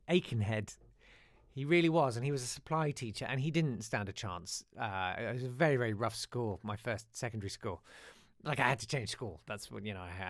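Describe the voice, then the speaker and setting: A British man hosting a casual live podcast, telling animated stories and reading listener emails. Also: mid-range voice, no echo, clean studio sound. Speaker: host.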